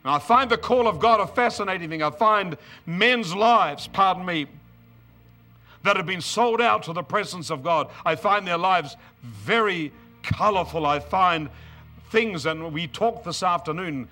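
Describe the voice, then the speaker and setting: A man's voice: high-pitched, measured pace, faint music behind. A middle-aged man preaching a sermon, mixing scripture reading with joking stories about married life. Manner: humorous, storytelling, animated asides.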